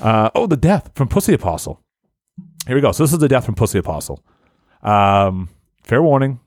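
Male podcast host, casual and joking, swearing freely, lively swooping pitch, dry close mic. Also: a little fast, no echo. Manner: animated, profane, joking. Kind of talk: casual podcast chat and reading.

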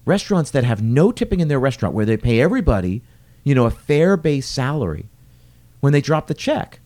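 A middle-aged man with a warm, mellow tone gives an earnest solo podcast talk, circling his point with rhetorical questions. His pitch rises and dips freely as he leans on key words. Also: very animated, a little fast. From lives in New York City. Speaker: restaurateur and podcast host.

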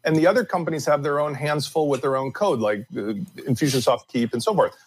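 A man's voice: fairly high pitch, fairly quick, a little hiss or hum. A man co-hosting a casual panel discussion, opinionated and emphatic, stretching out his key words. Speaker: podcast co-host.

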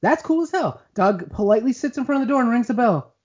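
A man co-hosting a podcast in casual chat, blunt and quick to swear. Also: very high voice, animated, darkish tone, lo-fi sound. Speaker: podcast co-host.

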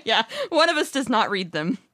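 A woman's voice: high voice, sing-song, moderate pace, creaky, fairly bright tone, no echo. A woman hosting a podcast in casual chat, with teasing, dry humor. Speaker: podcast host.

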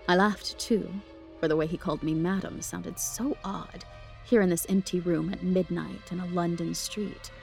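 Husky woman reading a ghost story. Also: lowish voice, no echo. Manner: expressive, emotional first-person narration. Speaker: podcast reader.

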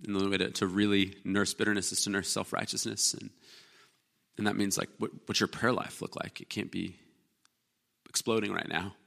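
Bright-voiced animated male pastor. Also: on the low side, brisk, vocal fry. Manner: conversational, animated, acts out quoted voices. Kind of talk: sermon.

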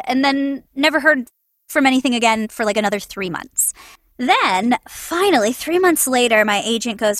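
A woman's voice: a little high, moderate pace, no echo. A young woman, a voice actress, chatting in an interview, telling stories animatedly with frequent laughter and acted-out voices. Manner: animated storyteller, laughs often, acts out quoted voices. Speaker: voice actress guest. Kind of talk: casual interview chat.

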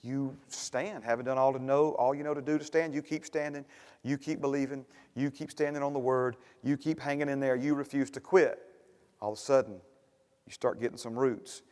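A man's voice: mid-range voice, fairly even intonation, a little fast, darkish tone. A man preaching a sermon as pastor, building to emphatic bursts and repeating refrains. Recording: long hall reverb.

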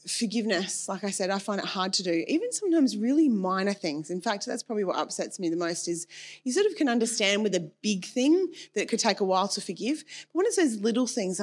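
A woman delivers a sermon in an earnest, conversational manner. Her voice sits in a mid range. She talks from her own experience, openly and warmly personal in tone. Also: mid-range voice. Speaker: preacher.

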